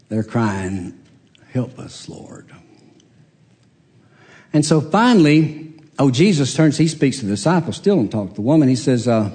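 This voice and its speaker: A man's voice: mid-range voice, big pitch swings, normal speed, a little mellow. A man preaching a sermon as a pastor, telling a story and acting out the voices of the people in it. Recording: long reverb of a large hall.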